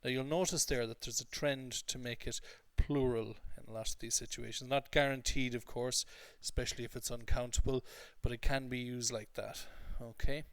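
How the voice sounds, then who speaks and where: A man's voice: medium pitch, fairly even intonation, normal speed, few pauses, dry recording. Male English teacher explaining patiently. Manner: explanatory, repeats points, frequent "okay?" checks. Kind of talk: recorded lesson recap.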